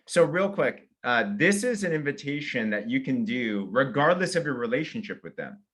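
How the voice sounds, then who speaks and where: An energetic man runs a sales training session and talks listeners through simple numbered steps. He acts out sample invitations in a friendly, upbeat way. His voice sits in the middle range for a man. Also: medium pitch, moderate pace. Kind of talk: motivational training talk.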